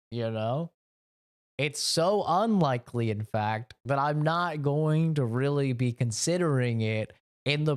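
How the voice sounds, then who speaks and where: A man talking off the cuff to his chat while he plays, his pitch sitting in an ordinary middle range. He rambles, circles back on his points and fills pauses with "you know". He gets blunt and curses when the game trips him up. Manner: rambling and opinionated, fillers like "you know", swears. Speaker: game streamer.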